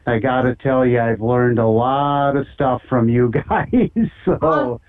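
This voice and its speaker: Minnesotan man, caller, rambling and friendly, phone-line sound, mid pitch. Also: fairly even intonation, slow pace. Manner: friendly, rambling, lots of fillers. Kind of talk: casual call-in chat.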